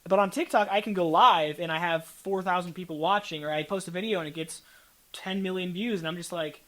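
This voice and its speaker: Young man, American accent, quick talker, casual interview guest, animated storyteller. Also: high-pitched. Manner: animated storytelling, acts out quoted people. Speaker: content creator guest.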